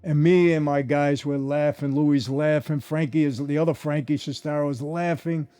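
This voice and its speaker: An older man tells stories from his past in a casual, animated monologue, often turning to address his listeners directly. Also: on the high side, moderate pace, faint music behind. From New York. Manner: animated, addresses listeners directly, repeats "I gotta tell you". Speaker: former mobster telling stories.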